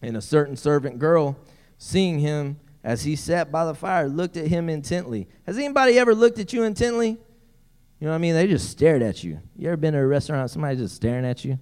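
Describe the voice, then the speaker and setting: A man's voice: a little high, lively intonation, brisk, darkish tone, smooth. A man preaching a sermon as pastor, reading scripture aloud and breaking in with playful asides.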